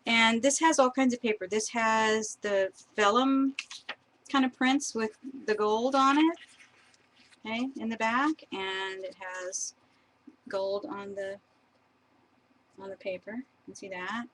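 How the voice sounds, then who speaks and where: A woman's voice: on the high side, steady tone, slow pace, pauses often, a bit bright, poor audio. A woman chatting casually as she shows craft papers on a live stream, laughing often and admiring each sheet.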